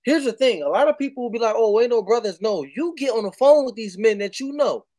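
A man chatting as a guest on a video-call livestream, talking with many fillers and getting animated in quick bursts. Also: extremely high pitch, dry recording. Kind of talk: casual chat.

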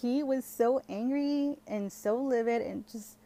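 A woman's voice: on the high side, a little slow, dark tone. A young woman telling a personal story in a casual, chatty way, full of "like" and switching into Spanish now and then. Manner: chatty, heavy use of "like", switches between English and Spanish.

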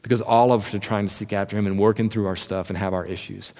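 A man preaching an earnest sermon in a lowish voice, putting direct questions to his listeners. His words ring out with a long reverb in a church hall. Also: fairly even intonation, quick pace, darkish tone. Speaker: pastor.

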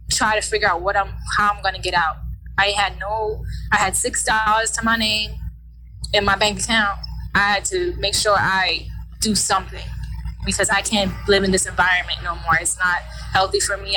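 A woman's voice: mid-range voice, pushed and bright, low-quality recording. A young woman casually recounting a personal story in a heated, conversational way, acting out what people said. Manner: casual, heated retelling with quoted voices.

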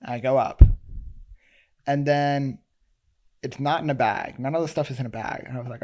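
A man's voice: mid-range voice, moderate pace, pauses often, a little mellow. A man chatting casually as a podcast co-host, telling a funny story and laughing often as he acts out what people said.

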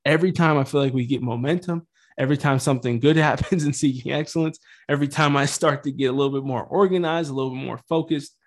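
A man's voice: medium pitch, fast talker. A man in his thirties hosting a Catholic podcast, talking about faith and suffering in a casual, earnest, rambling way with light swearing.

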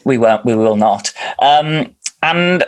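A man's voice: medium pitch, animated, slow pace. A man hosting a casual family podcast, introducing guests with a jokey, teasing manner. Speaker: podcast host.

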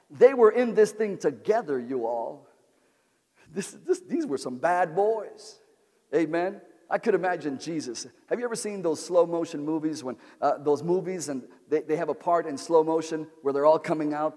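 High-voiced preacher man, ringing hall. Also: animated, normal speed. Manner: call-and-response preaching, repeats phrases, rises to shouting. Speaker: pastor. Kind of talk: sermon.

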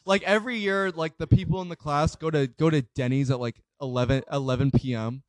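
A young man telling a story in casual chat, rambling, swearing freely and filling every pause with "like". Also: a little high, fairly even intonation, no room sound. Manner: rambling, swears a lot, fills with "like".

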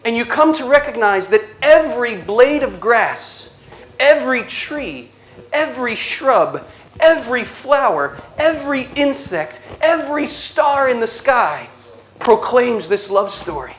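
A man giving an inspirational religious talk, telling stories slowly with dramatic pauses and a playful, animated delivery. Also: extremely high pitch, a little hiss or hum. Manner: slow dramatic storytelling with pauses. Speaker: Catholic speaker.

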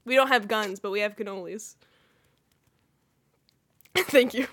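A woman's voice: mid-range voice, unhurried, fairly bright tone. A young woman hosting a podcast in casual chat, giggly and self-deprecating, with lots of fillers. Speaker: podcast host.

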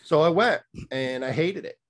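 A man's voice: a little high, moderate pace, a bit bright. A middle-aged man telling a candid personal story as a guest, rambling with many fillers and restarts, blunt and a little profane.

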